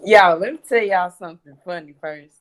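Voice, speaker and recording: A woman's voice: lowish voice, moderate pace. A young woman, a guest daughter on a church panel who tells her story animatedly and acts out her mother's lines.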